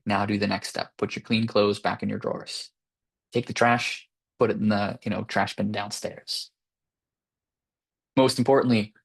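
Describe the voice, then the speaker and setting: A man with a somewhat low voice gives an informal lecture to parents. He talks in a relaxed, conversational way and keeps checking in with tag questions and fillers. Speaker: clinical psychologist presenting to parents.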